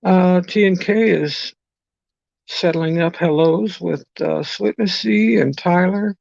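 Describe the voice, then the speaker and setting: A man's voice: high-pitched, slow, creaky, a little mellow, no room sound, lo-fi sound. A man hosting a live stream, chatting casually, greeting viewers one by one and reading out their messages.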